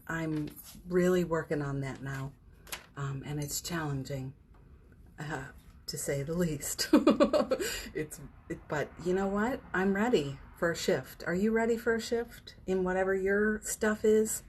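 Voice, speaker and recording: A woman's voice: lowish voice, a little mellow, a little hiss or hum. A woman hosting a live morning session, talking casually and encouragingly about a spiritual practice, with fillers and little laughs. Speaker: host of a daily live session. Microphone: phone or webcam on a live stream.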